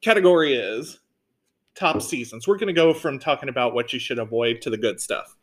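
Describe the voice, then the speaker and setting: Animated, laughing man hosting chat. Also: medium pitch, a little fast. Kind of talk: casual chat.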